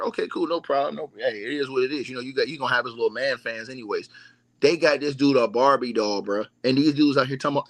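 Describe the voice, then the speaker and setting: Lively man ranting to his viewers. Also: mid-range voice, fast talker, dry recording. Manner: mocking, repetitive, talks straight to the audience. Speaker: livestream host. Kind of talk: animated sports rant to viewers.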